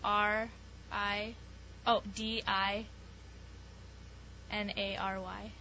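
A woman's voice: mid-range voice, flat delivery, drawn-out words, bright, forceful tone, a little hiss or hum. A woman contestant in a spelling game, tentative, spelling letter by letter. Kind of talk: spelling words aloud. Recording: muffled lo-fi recording with faint room ambience.

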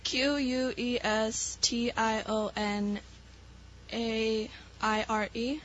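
A woman's voice: fairly high pitch, flat delivery, very slow, slight background noise. A woman contestant in a spelling game, hesitant, spelling words out letter by letter. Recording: muffled lo-fi recording with faint room ambience.

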